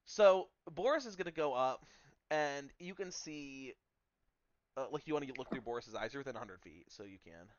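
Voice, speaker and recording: A man's voice: medium pitch, animated, moderate pace, highs cut off, slight background noise. A man narrating a tabletop game as game master, casual and full of fillers.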